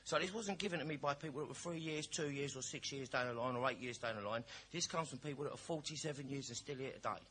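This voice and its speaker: A man speaks at a recovery meeting in a bright, forceful voice of average pitch. He tells his story bluntly and with cheeky humour, in a chatty storytelling way. A faint hiss sits behind the recording. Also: fast, few pauses. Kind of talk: personal recovery share.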